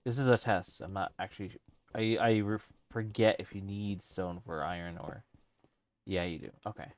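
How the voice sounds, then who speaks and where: A man's voice: low voice, fairly even intonation, moderate pace, dry recording. A man streaming a let's play, rambling casually as he thinks aloud with lots of fillers. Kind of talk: casual let's-play commentary while gaming.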